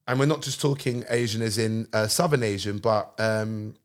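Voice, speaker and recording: A man with a London accent, hosting a podcast and telling stories in animated, slangy casual chat. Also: on the low side, normal speed. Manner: animated storytelling with slang like bruv. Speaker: podcast host.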